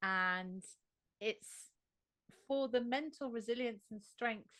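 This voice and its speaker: An Australian woman being interviewed, telling her story in a lively, animated way. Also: on the high side, takes it slowly, no echo. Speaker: interview guest. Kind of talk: conversational interview.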